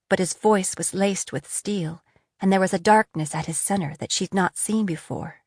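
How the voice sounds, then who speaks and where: A woman narrating a fantasy novel as an audiobook, with even, measured storytelling. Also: mid-range voice, no room sound, clean studio sound.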